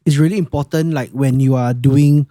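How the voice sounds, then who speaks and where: A man's voice: mid-range voice, steady tone, moderate pace, warm tone, no room sound, studio quality. A man, explaining audio mixing in a casual technical chat, thoughtful and hesitant with restarts.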